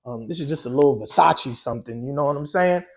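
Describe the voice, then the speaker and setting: A man's voice: mid-range voice, fast talker. A man, a guest DJ, telling a story in a loose, conversational way, often saying "you know" and "um". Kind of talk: casual storytelling.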